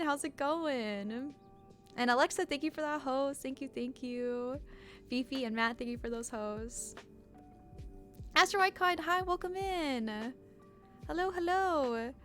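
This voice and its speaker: A woman's voice: high voice, fairly bright tone. A woman streamer chatting casually on a live stream, bubbly, greeting viewers by name, often laughing and getting emotional.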